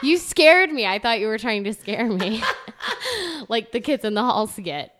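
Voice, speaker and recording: A woman's voice: medium pitch, steady tone, moderate pace, very noisy. A woman from New York with a New York accent, co-hosting a comedy podcast in a giggly, rambling way. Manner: giggly, rambling, self-interrupting. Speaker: podcast co-host. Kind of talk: casual comedy podcast chat. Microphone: studio microphone.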